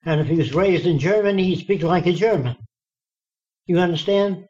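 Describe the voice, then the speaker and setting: A man's voice: high voice, moderate pace, a little mellow. A man being interviewed, telling stories in a blunt, folksy way and acting out what people said to him. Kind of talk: storytelling in conversation. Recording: dull lo-fi recording.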